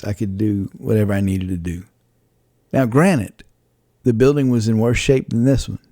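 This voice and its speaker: A man with a gravelly, mellow voice hosts a casual faith-based podcast. He rambles and reflects aloud, often restarting his sentences, and sounds dry and close to the mic. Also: medium pitch, no room sound. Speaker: podcast host.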